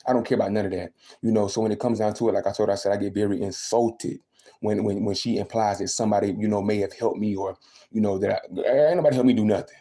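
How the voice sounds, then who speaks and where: Young man, quick emphatic livestream rant, low and warm. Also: steady tone. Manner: venting, emphatic, repeats himself. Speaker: livestreaming vlogger.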